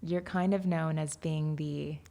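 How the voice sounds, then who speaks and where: Low, gravelly-voiced woman host. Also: steady tone, unhurried, dark tone. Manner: chatty, laughing, storytelling. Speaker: podcast host. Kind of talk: casual podcast chat.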